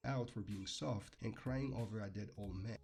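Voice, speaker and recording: Creaky-voiced man narrating an analysis. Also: fairly low pitch. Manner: measured, analytical. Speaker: video essayist. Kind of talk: scripted commentary narration.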